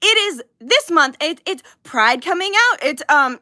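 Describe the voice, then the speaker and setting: A woman who reads cards on a live stream, ranting heatedly and yelling with plenty of swearing. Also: extremely high pitch, sing-song, measured pace, few pauses, dry recording, studio quality. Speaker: livestream card reader.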